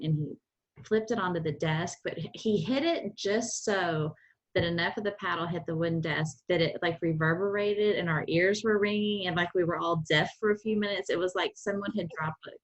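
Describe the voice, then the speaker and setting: A middle-aged woman, co-hosting a podcast and telling rambling stories in casual chat. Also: low-pitched. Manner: rambling, conversational with many asides. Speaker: podcast co-host. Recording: dull, slightly muffled sound.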